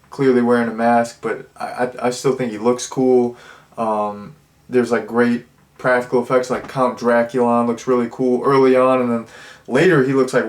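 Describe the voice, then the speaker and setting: Casual, rambling male movie reviewer. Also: mid-range voice. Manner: rambling, heavy use of "like" and "uh" fillers.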